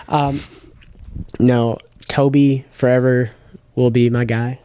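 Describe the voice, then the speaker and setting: A man's voice: mid-range voice, little pitch movement, slow, warm tone, clean tone. A young man co-hosting a podcast, chatting casually in a rambling, slangy way with frequent restarts. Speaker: podcast co-host. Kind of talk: casual chat.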